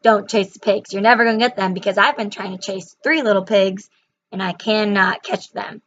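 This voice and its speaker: A woman's voice: medium pitch, steady tone, normal speed, a bit bright, a little hiss or hum, close to an everyday voice. A woman doing a hungry, weary wolf. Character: hungry male wolf giving weary advice. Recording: slightly muffled recording.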